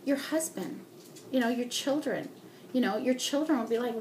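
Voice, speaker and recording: A woman giving a sales training talk as a beauty consultant, animated, acting out customers and ending lines with "okay?". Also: a little high, normal speed, slight background noise.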